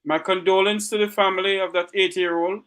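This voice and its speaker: A man's voice: sits high, little pitch movement, brisk, a bit bright, clear, resonant tone. A Jamaican man hosting a talk show, speaking with passion and asking rhetorical questions, close to tears. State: near tears. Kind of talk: emotional talk show monologue.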